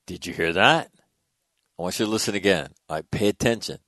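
A man's voice: deep voice, fairly quick, sharp tone, dry recording, clean studio sound. A man hosting a talk radio show, speaking bluntly and emphatically, with swearing and frequent restarts. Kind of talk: casual talk radio commentary.

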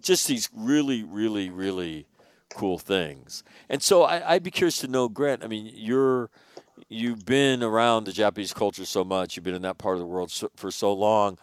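A man hosting an interview, telling a long story in a casual, animated way and swearing now and then. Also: on the low side, normal speed, clear, resonant tone, no room sound. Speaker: podcast host.

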